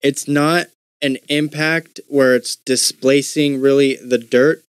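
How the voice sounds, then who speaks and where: A man's voice: medium pitch, steady tone, slow pace, smooth, dry recording. A man co-hosting a casual podcast, speaking bluntly with casual swearing and playing devil's advocate. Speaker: podcast co-host. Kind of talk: casual chat.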